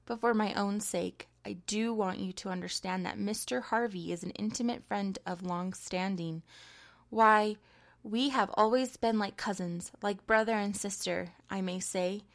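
A woman's voice: medium pitch, unhurried, close to an everyday voice. Woman reading as a young society lady. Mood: pleading. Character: young society woman, composed then agitated.

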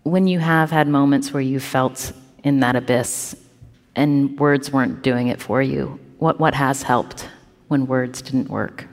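A woman podcast host asking measured, deliberate questions and reading a scripted outro. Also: very deep voice, fairly even intonation, no echo.

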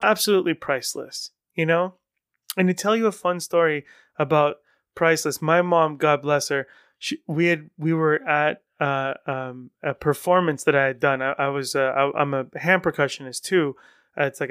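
A man's voice: fairly high pitch, moderate pace, a bit bright, clear, resonant tone, dry recording, studio quality. A man hosting his own podcast in casual, rambling, enthusiastic solo talk. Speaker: podcast host.

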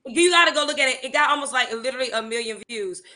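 A woman, a music teacher and songwriter, chatting in an interview and telling animated stories with laughter. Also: high-pitched, fast. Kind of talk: casual interview chat.

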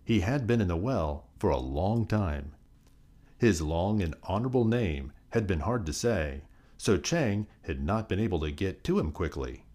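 A man reading a children's folk tale aloud in a sing-song, expressive storyteller's manner. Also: low voice, unhurried.

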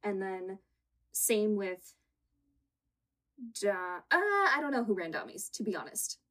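With big pitch swings, a fairly bright tone, and a measured pace, this medium-pitched woman co-hosts a laid-back podcast recap of a reality show. She laughs often and voices the characters as she retells scenes from her home green-screen setup.

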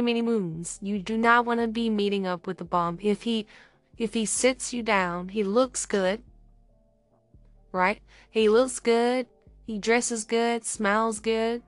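Lively young woman giving dating advice. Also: fairly high pitch, no echo. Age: young adult. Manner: animated, acts out little scenes with quoted voices. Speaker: podcast co-host. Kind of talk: casual podcast chat, giving dating advice.

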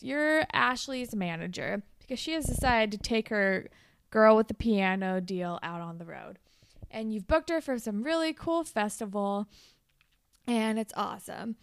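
A woman's voice: mid-range voice, clean tone, no echo, clean studio sound. A woman co-hosting a podcast, casually chatting and improvising a playful story with lots of filler words. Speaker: podcast co-host.

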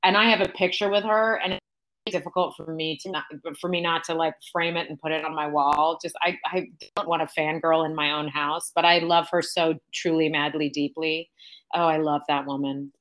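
A middle-aged woman, a Broadway actress, chatting as a guest and telling lively stories with easy laughter. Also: deep voice, moderate pace, poor audio. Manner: animated, storytelling, laughs easily. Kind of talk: casual interview chat.

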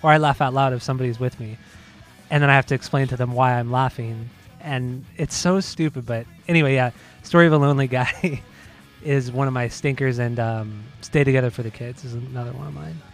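A man's voice: medium pitch, fairly even intonation, brisk, faint music behind. A man co-hosting a podcast, chatting casually about albums, laughing easily and swearing now and then. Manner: laid-back, laughs often, swears casually. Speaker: podcast co-host. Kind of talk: casual chat.

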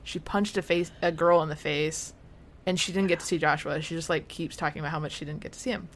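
A woman on a podcast, walking through an episode scene by scene in a relaxed, chatty way. Her voice sits a little low, with a faint hum of room noise behind her. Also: fast. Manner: chatty retelling, acts out quotes. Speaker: podcast co-host. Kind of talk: casual recap chat.

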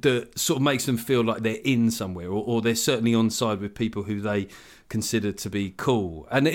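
A man in his forties holds forth in a relaxed chat, opinionated and openly exasperated. He talks at an ordinary middle pitch and swears freely. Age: 40s. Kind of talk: casual chat.

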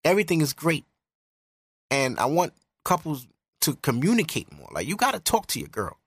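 A man's voice: on the high side, huge pitch swings, moderate pace, husky, no room sound, studio quality. A young man hosting a podcast, giving candid, profane relationship advice in a casual monologue. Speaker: podcast host.

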